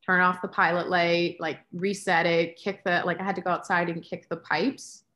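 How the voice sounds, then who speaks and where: A woman in her late thirties talks casually about her life, candid and story-driven. Her voice sits fairly low, and she acts out her own thoughts and quotes as she tells them. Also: flat delivery, moderate pace, sharp tone. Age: 30s. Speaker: yoga teacher. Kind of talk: casual conversation.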